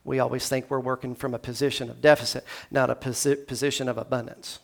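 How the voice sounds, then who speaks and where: A pastor from Tennessee preaches a sermon in a church sanctuary, speaking conversationally and acting out scripture dialogue with shifts in pitch and loudness. Overall his gravelly voice has little pitch movement, and he talks fast.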